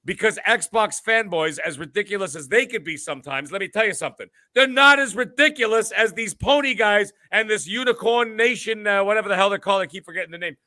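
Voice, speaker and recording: A man's voice: sits high, fairly quick, few pauses, bright, forceful tone, dry recording. A man hosting a gaming podcast, ranting in a profane, mock-boastful way. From Canada. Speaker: podcast host. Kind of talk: casual gaming podcast chat.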